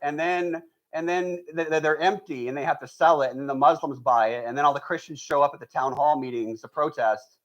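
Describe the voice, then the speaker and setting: High-pitched guy doing stand-up, dry delivery, little mock voices. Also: a little fast, dull audio. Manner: deadpan storytelling with mock voices. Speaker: stand-up comedian. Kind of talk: stand-up comedy set. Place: live event hall with audience.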